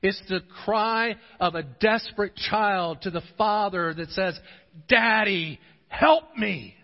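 A man preaching a sermon, at times pleading with rising intensity, at times telling a relaxed story. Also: high-pitched, a little slow. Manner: passionate, swelling to pleading intensity in prayer passages. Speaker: pastor. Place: church sanctuary. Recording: dull audio with long hall reverb.

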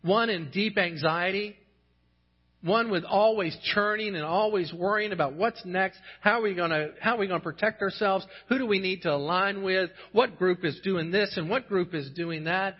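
A male pastor delivers an earnest sermon, his voice a little husky and sitting somewhat high. He swells into impassioned emphasis at key lines. The recording is dull and lo-fi. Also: moderate pace. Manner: earnest, rising to impassioned emphasis when quoting scripture.

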